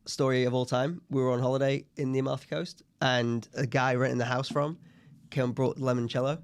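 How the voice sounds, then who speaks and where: A man's voice: mid-range voice, little pitch movement, fairly quick, smooth. A man in his thirties co-hosting a podcast, chatting casually and telling anecdotes. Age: 30s. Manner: chatty, tells anecdotes, puts on voices in quotes. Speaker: podcast co-host. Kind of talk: casual chat.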